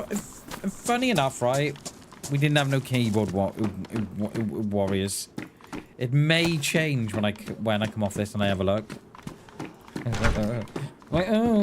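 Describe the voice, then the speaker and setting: A man rambles through a casual gaming live stream, slow and unhurried in his speech. He is chatty and quick to laugh at himself. The stream audio carries steady noise and the click of keys. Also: medium pitch.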